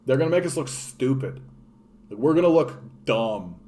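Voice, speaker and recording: A man's voice: mid-range voice, sing-song, moderate pace, dark tone. A man with a Canadian accent, ranting in a solo political commentary, sarcastic and profane, often mocking others in put-on voices. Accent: Canadian English.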